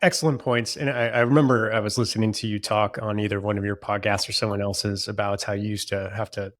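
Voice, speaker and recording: A man's voice: lowish voice, little pitch movement, fast, a bit bright. A man hosting a podcast interview, chatting in a friendly, jokey, self-deprecating way. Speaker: podcast host.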